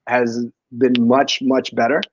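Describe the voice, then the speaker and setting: A man's voice: mid-range voice, level tone, slow pace, muffled recording, slight background noise. A man in his fifties, a former ballplayer turned analyst, talking baseball in easygoing chat. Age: 50s. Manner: easygoing, laughs along. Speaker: former player, sports analyst guest. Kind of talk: casual sports talk.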